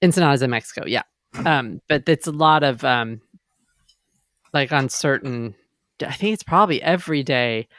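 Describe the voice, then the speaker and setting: Smooth-voiced woman in rambling podcast chat. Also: a bass voice, normal speed, long pauses, fairly bright tone, dry recording, clean studio sound. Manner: chatty, rambling. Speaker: podcast co-host. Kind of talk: casual chat.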